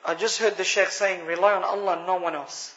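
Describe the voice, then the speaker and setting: A man's voice: high voice, fairly even intonation, a little fast, fairly bright tone. A man with an Australian accent giving an earnest personal testimony to a gathering, addressing the listeners as brothers. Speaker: speaker sharing a personal story. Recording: dull lo-fi recording.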